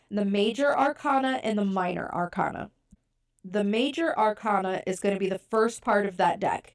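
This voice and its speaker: A woman's voice: medium pitch, a little mellow. A woman hosting a podcast, talking casually and chattily with a stuffy, congested nose. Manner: chatty, conversational, many fillers. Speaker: podcast host. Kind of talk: casual podcast talk about tarot.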